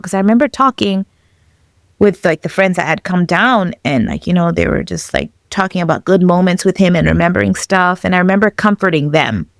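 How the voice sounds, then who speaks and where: Low, reflective woman from Zambia. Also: vocal fry, dry recording, studio quality. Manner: reflective, halting, with many fillers. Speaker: podcast guest. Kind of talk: personal storytelling.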